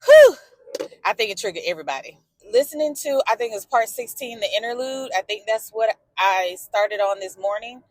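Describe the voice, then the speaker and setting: A woman's voice: mid-range voice, lively intonation, brisk, few pauses, no room sound. A woman talking candidly in a personal vlog from her car, emotional and outspoken, swearing and answering back to a story she follows. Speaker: vlogger.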